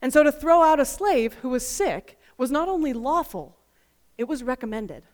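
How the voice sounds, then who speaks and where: Woman, Bible teaching, high animated voice, emphatic, long reverb. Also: normal speed. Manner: expressive, emphatic, rhetorical questions.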